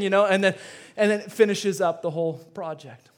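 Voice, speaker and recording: A man's voice: sits high, steady tone, brisk. A middle-aged male pastor preaching a sermon, telling stories with repeated words and rising emphasis.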